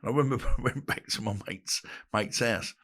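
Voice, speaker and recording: A man's voice: medium pitch, brisk, pushed and bright, slightly rough. A middle-aged man, a podcast guest telling rambling stories, laughing and swearing freely. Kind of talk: casual storytelling. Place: podcast studio.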